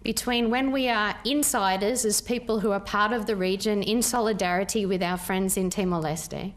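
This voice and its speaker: Australian woman, forties, earnest storyteller at a public talk, measured with pauses, mid-pitched voice. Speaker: peace worker giving a talk.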